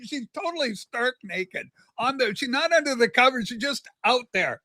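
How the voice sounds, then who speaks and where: An older man from Canada, co-hosting a casual livestream and telling a rambling story with lively asides. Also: very high voice, moderate pace, dry recording. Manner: animated, jumps between asides and acted quotes. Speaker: livestream co-host.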